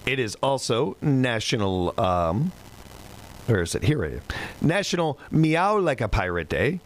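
A man's voice: medium pitch, big pitch swings, measured pace, slight background noise, low-quality recording. A man hosting a country music radio show, talking in a folksy, rambling, self-deprecating way. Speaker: radio host. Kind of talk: casual radio show chat.

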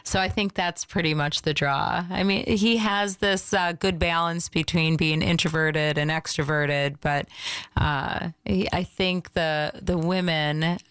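A middle-aged woman co-hosting, chatty and quick to laugh, with many "uh"s. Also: on the low side, steady tone, fairly bright tone, clean tone, no room sound. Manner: chatty, laughing, filler-heavy. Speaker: co-host. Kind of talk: casual chat.

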